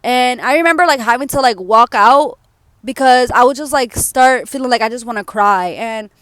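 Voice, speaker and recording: A woman's voice: on the high side, moderate pace, a bit bright, no room sound, studio quality. A young woman vlogger telling a personal story in a candid, emotional way, full of fillers like "like" and "you know", tearful at times.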